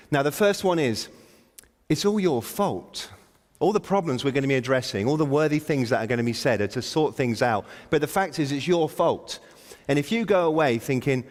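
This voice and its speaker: A middle-aged man giving a blunt, provocative and self-mocking opening keynote to a conference audience. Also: mid-range voice. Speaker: conference speaker. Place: large conference hall. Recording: long hall reverb.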